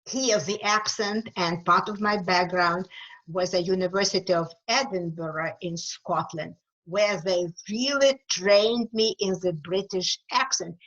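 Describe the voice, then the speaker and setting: A woman speaking with an East European accent, a guest author talking slowly and thoughtfully in a webinar, sometimes repeating words as she searches for them. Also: mid-range voice, fairly bright tone, highs cut off. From Ukraine. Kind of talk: webinar talk.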